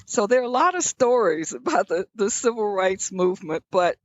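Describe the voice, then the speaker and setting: A woman's voice: mid-range voice, expressive, moderate pace, dry recording, muffled recording. An older woman from Birmingham, Alabama, recalling her past as a guest in an interview, in a reflective storytelling manner. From Birmingham, Alabama, USA.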